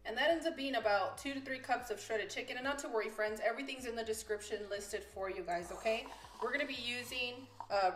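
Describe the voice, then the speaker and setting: A woman with a Texan accent hosting a home cooking tutorial in her kitchen, explaining each step in a chatty, easygoing way with soft laughs. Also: fairly high pitch. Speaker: cooking channel host and mother.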